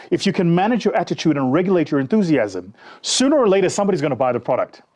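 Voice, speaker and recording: A man telling a motivational story about sales, speaking straight to his listeners and acting out bits of dialogue. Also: a little high. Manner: animated, addresses listeners directly, acts out dialogue.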